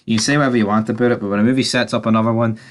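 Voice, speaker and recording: A man's voice: lowish voice, fairly even intonation, very fast. A man giving a casual, rambling film review, talking straight to his viewers and swearing now and then. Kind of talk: casual movie review vlog.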